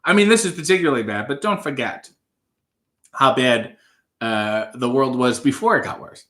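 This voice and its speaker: A man's voice: medium pitch, animated, moderate pace, fairly bright tone. A man in his thirties hosting a live stream, reading out viewer comments with a dry, offhand humor.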